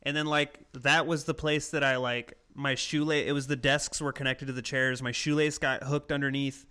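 A man's voice: medium pitch, flat delivery, normal speed, sharp tone, clear, resonant tone. A young American man chatting casually on a podcast, telling school stories with lots of swearing and laughter. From United States. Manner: profane, laughing storyteller. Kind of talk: casual chat.

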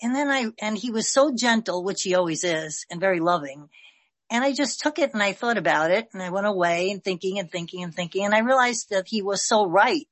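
A woman's voice: medium pitch, lively intonation, brisk, no room sound. A woman in a group discussion telling a personal story casually, rambling, with many fillers. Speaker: discussion participant.

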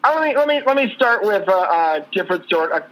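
A man's voice: high-pitched, animated, fast, a bit bright, poor audio. Dry-joking male podcast co-host. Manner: dry joking, hesitant fillers. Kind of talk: casual sports podcast chat.

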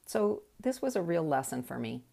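Low, gravelly middle-aged woman storyteller. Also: big pitch swings, normal speed, mellow. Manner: wry, reflective. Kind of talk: personal storytelling.

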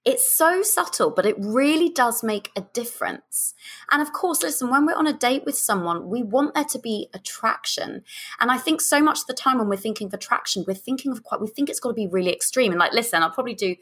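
A young woman hosting a podcast, giving chatty, animated dating advice and sometimes dropping into a lower, slower voice to demonstrate. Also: slightly rough. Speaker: podcast host and dating coach.

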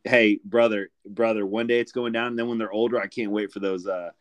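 Laid-back young man, low voice, dry sound. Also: steady tone, quick pace, no echo. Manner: laid-back, says "dude" and "brother" a lot. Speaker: podcast host. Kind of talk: casual chat.

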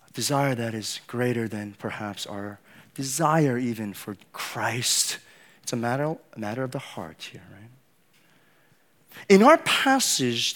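A male pastor giving a conversational sermon, often checking in with the congregation by asking "right?" and saying "you know". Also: medium pitch.

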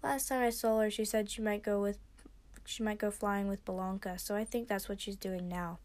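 A woman voicing a shy, soft-spoken young female dragon. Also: medium pitch, fairly even intonation, normal speed, lightly acted.

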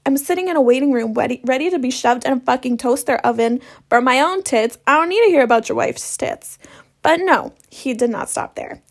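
Young woman ranting casually, high pitched voice with lots of vocal fry, sarcastic, swears a ton. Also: expressive, fairly quick. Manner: profane, sarcastic, rant-like. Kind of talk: casual storytelling monologue.

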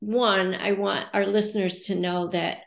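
A woman's voice: medium pitch, flat delivery, unhurried, gravelly, reverberant. A middle-aged American woman coaching and podcasting, speaking thoughtfully as she acts out her own inner dialogue. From United States. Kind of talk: reflective casual podcast talk.

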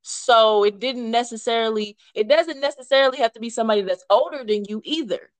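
A woman's voice: a little high, brisk, no echo. A woman guest on a podcast, speaking in an earnest, encouraging conversational way. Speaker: podcast guest, author and advocate. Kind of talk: conversational interview.

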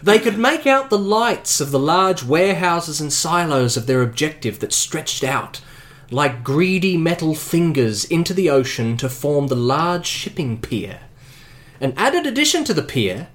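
A man narrating a spy adventure as game master, reading the prose and often breaking into laughter and jokes with his players. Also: fairly high pitch. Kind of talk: storytelling with banter.

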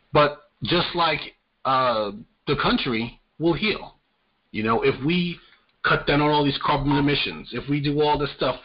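A man's voice: mid-range voice, husky. A man hosting a podcast, giving casual political commentary in a heated, profane ranting manner. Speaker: podcast host. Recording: slightly muffled lo-fi audio.

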